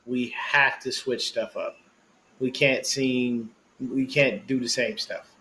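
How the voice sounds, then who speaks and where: A man co-hosting a casual sports podcast, chatting in an animated, slangy way and laughing often. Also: mid-range voice, slow pace, slight background noise. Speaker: podcast co-host.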